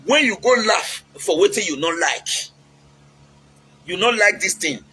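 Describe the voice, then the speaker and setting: Nigerian man, high voice, preachy advice talk, faint noise behind. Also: expressive, measured pace, sharp tone, poor audio. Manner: preachy, mixes in Pidgin, acts out quotes.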